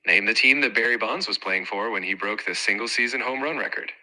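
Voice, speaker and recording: Synthetic male co-host voice, very bright and eager, low-ish pitch. Upbeat assistant delivery. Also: a little fast, poor audio. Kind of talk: scripted-sounding assistant replies.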